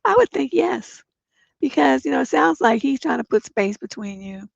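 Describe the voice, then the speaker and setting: Sounding congested, this middle-aged livestream host has a high, expressive, gravelly voice and a moderate pace. She reads out viewers' relationship letters and answers with blunt, profane advice that turns emphatic. The audio is dry, dull and lo-fi.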